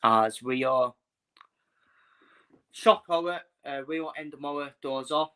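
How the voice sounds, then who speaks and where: Bright-voiced British streamer. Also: male voice, a little high, unhurried, smooth. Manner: chatty, blunt, swears freely, repeats himself. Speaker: streamer hosting a football watchalong. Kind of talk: casual live football commentary.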